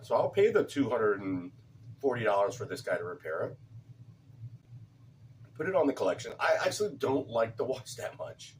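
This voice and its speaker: A man's voice: mid-range voice, sing-song, normal speed, long pauses, far from the mic, slight background noise. A man chatting casually in a vlog, rambling, repeating words and swearing now and then. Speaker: cigar vlogger. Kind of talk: casual chat.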